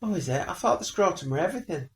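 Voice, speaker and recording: Man, rambling grumbles, slightly high voice, echoey room. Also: very animated, very fast. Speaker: podcast co-host. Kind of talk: casual banter.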